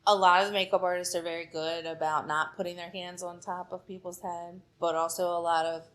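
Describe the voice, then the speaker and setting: A hairstylist appearing on a podcast tells a chatty story in a voice on the low side, level in tone and fairly quick. She acts out what people said and keeps saying "like."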